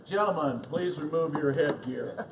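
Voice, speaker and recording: A man's voice: on the high side, measured pace. A man playing a mock-solemn chaplain. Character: man acting as post chaplain. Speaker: skit actor. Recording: distant mic, crowd noise.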